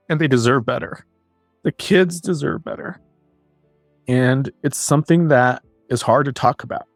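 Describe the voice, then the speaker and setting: A man guest on a podcast, talking earnestly and with passion, repeating his phrases for emphasis. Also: mid-range voice. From New Mexico. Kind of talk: earnest interview talk.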